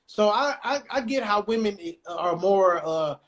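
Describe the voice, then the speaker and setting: High-voiced man hosting a casual podcast. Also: a little slow. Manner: animated, conversational, laid-back slang. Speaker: podcast host.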